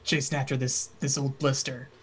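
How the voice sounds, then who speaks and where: A man's voice: mid-range voice, little pitch movement, moderate pace, a little hiss or hum, rough recording. A man in a tabletop role-playing game, speaking in character with a brash, casual storytelling manner. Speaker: player.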